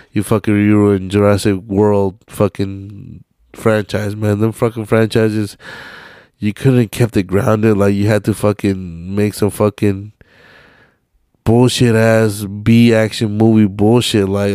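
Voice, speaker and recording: A man's voice: on the low side, warm tone, clean tone, no echo, clean studio sound. A young man hosting his own podcast alone, rambling in a casual, slangy, heavily profane way. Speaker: podcast host. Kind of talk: casual solo podcast rant.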